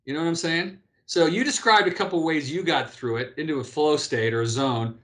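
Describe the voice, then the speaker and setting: Animated storytelling man in his fifties. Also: a little high, a little fast. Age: 50s. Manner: animated storyteller, frequent restarts and "right?" tags. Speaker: guest, former pro beach volleyball player. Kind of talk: casual interview talk.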